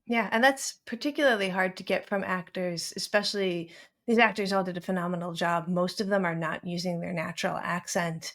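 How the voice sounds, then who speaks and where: A woman's voice: on the low side, a little fast. Chatty woman podcast host. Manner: chatty, animated, laughs often. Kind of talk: casual film discussion.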